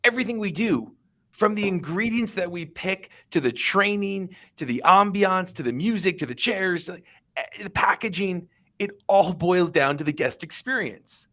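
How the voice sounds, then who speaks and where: A man with a slightly raised voice speaks on an industry panel. He is emphatic and pushes each point with lively comparisons. His tone stays conversational but insistent. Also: sits high, moderate pace. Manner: emphatic, builds points with vivid analogies. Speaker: panelist, restaurant tech executive. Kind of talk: panel discussion.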